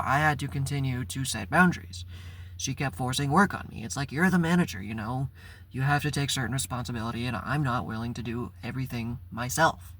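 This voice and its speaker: A man's voice: mid-range voice, pushed and bright. A man hosting his own channel, telling a personal story in a candid, blunt way and swearing freely. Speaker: channel host. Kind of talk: casual vlog storytelling.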